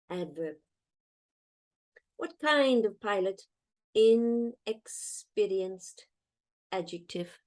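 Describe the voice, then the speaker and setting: A middle-aged woman teaching a children's grammar lesson, patiently drilling question-and-answer chants. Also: mid-range voice.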